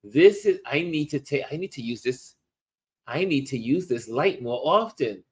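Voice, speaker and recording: A middle-aged man hosting a casual livestream, musing warmly to viewers as he shows photos. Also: mid-range voice, expressive, husky. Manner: slow, musing, talks to viewers while showing photos. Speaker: livestream host.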